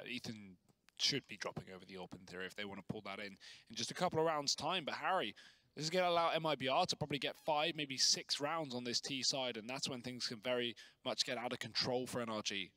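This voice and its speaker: A male esports caster calling a match play-by-play. His voice is bright and forceful, and he rises fast with the action, then drops into easy joking banter. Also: medium pitch, no room sound. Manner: excitable, jokey banter. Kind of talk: play-by-play commentary.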